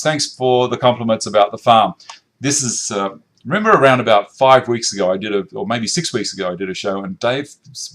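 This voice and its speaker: Host read: middle-aged Aussie bloke, easygoing and jokey, running through viewer chat in his workshop. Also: medium pitch. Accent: Australian. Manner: reads viewer comments aloud, chatty and joking. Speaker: woodworking live-stream host. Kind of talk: casual live-stream chat. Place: home woodworking workshop.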